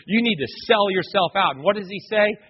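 A man preaching a sermon as a pastor, dramatic and animated, acting out quoted voices. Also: high voice, brisk, husky. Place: church sanctuary. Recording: muffled, long hall reverb.

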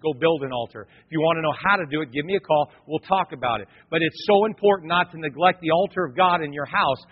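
A husky, fairly high-voiced man preaching a sermon, talking straight to his congregation and slipping in street slang. His voice rings with a long hall reverb, and the recording sounds dull and lo-fi. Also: fast. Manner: lively preaching with casual slang and acted-out quotes. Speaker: pastor.

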